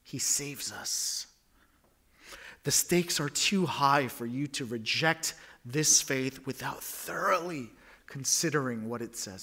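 A man, a pastor, preaching a sermon, swinging from hushed near-whispers to loud emphatic lines. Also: mid-range voice, animated, takes it slowly.

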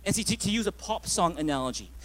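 A man with a high voice preaching a sermon as a pastor. He tells personal stories and acts out both sides of a conversation, then turns to the congregation for an amen. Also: lively intonation, fast talker. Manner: storytelling with acted-out dialogue and congregation prompts.

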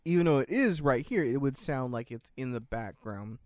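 A man's voice: medium pitch, lively intonation, normal speed, no room sound, clean studio sound. A young man from the United States chatting casually, rambling and hedging, with frequent restarts and casual swearing. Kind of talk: casual chat.

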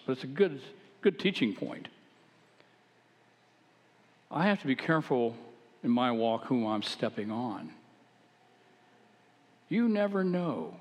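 A man, a pastor, preaching a sermon, earnest and at times emphatic as he exhorts his listeners. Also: medium pitch. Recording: long hall reverb.

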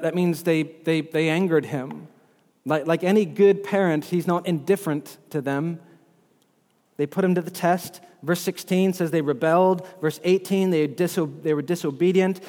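A man's voice: on the high side, a little mellow. A man preaching a sermon as pastor, earnest and often repeating words as he works through scripture. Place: church hall. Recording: long hall reverb.

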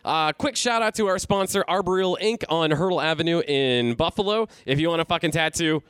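A man's voice: a little high, brisk, fairly bright tone, clean tone, no room sound. A man, co-hosting a casual podcast, rambling loosely and swearing freely into a close mic. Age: 30s. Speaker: podcast co-host.

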